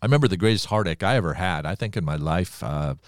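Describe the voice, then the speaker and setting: An older man, a pastor, preaching a sermon in earnest, with dramatic pauses and slowed emphasis. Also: sits low, animated, no echo, studio quality.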